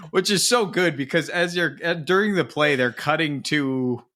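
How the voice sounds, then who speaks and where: A man co-hosting a podcast, chatting casually and animatedly about films. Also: on the high side. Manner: animated, swings into quick put-on voices. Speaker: podcast co-host. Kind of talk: casual film discussion.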